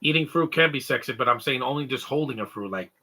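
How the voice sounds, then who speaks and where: A young adult man from Canada, co-hosting a live stream in rambling, animated comedic chat. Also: medium pitch, quick pace. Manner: rambling, animated, mimics stutters and sobbing noises.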